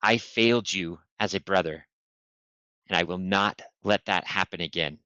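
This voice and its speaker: A man's voice: sits low, moderate pace, sharp tone, clear, resonant tone, no room sound, lo-fi sound. A man voicing a devoted male halfling monk who speaks earnestly and pleadingly to his lost sister in a tabletop game.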